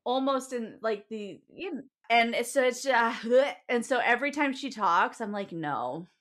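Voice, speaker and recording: A woman's voice: a little high, normal speed, fairly bright tone. A woman co-hosting a podcast, talking casually about books in a rambling way, with lots of fillers, restarts and some swearing. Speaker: podcast co-host. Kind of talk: casual book chat.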